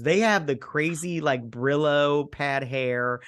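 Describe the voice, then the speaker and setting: A tipsy man co-hosting a casual movie review, rambling and animated as he tells stories. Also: fairly high pitch, measured pace, smooth. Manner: rambling, animated storyteller with many restarts. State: tipsy from drinking. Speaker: podcast co-host.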